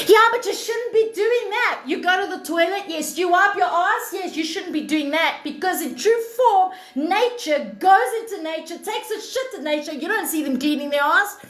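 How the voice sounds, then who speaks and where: A woman's voice: very high-pitched, sharp tone. A woman hosting a livestream, talking in an impassioned, blunt and profane way, preaching self-love and thanking viewers. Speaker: live stream host, spiritual reader. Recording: echoey room with faint noise.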